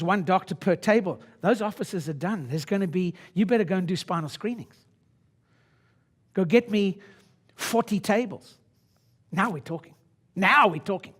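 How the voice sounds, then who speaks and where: A high-voiced chiropractor in his sixties gives a live seminar talk, blunt and swaggering, using salty language and breaking into sudden loud shouts.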